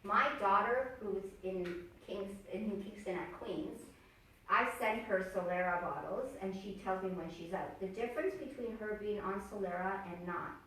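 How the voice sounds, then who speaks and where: A middle-aged woman telling stories to a small group in a chatty, animated way, laughing often and tagging her sentences with "right?". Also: medium pitch, normal speed, slight background noise. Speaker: health coach. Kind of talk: casual storytelling to a small group. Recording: very echoey room, mic far off.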